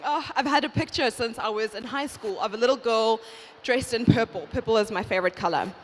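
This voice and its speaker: Woman speaking at a church women's event, all emotional and gushing, repeats herself a lot, highish voice, soft hum in the background. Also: a little fast, few pauses. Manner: effusive and emotional, repeating phrases for emphasis. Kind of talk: heartfelt conference address.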